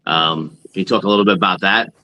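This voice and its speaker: Deep, bright-toned male host. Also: fast talker, no room sound. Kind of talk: interview.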